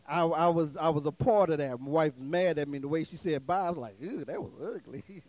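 A high-voiced man delivers a fast sermon in a call-and-response preaching style, swinging dramatically in pitch and volume from loud, emphatic peaks to low, folksy, conversational asides with laughter. The audio is poor, close, and dry.

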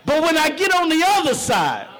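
A middle-aged man preaching a sermon in church, shouting for emphasis and telling humorous stories about his own life. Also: very high-pitched, huge pitch swings, moderate pace.

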